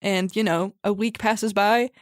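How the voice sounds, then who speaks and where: A woman's voice: medium pitch, steady tone, unhurried, no room sound. Chatty woman podcaster spinning an improvised tale, rambling, laughing, dry close mic. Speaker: podcast co-host. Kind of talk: improvised storytelling.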